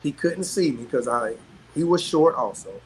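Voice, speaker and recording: A middle-aged man tells long stories as a guest, animated and quick to laugh. His voice sits a little high for a man, and he keeps dropping in a casual "man" as he talks. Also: slight background noise, poor audio. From South Carolina, US. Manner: animated, laughs often, peppers talk with "man". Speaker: guest, former pro athlete. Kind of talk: casual storytelling.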